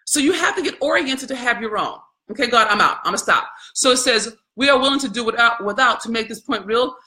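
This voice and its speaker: A woman delivers impassioned live-stream commentary in a bright, forceful voice that sits a little high. She talks to her viewers in colloquial, preachy bursts. She also reads their comments aloud between points. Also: expressive, quick pace. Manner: colloquial, addresses viewers as y'all. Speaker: host of a live video.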